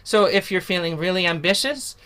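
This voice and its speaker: A woman's voice: on the low side, lively intonation, fairly quick, a bit bright. A woman teaching a folk singing workshop over a video call, explaining in a chatty, informal way and stopping to sing syllables as examples. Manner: demonstrates sung syllables between spoken explanations; chatty and informal, with many fillers.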